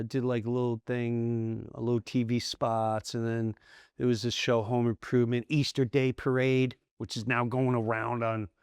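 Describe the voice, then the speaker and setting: A middle-aged American man, a comedian guest on a podcast, telling candid stories in animated bursts with restarts and acted-out voices. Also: medium pitch, clean tone, no echo, clean studio sound. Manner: animated storyteller, acts out quoted voices, frequent restarts. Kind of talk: candid storytelling in a long-form interview.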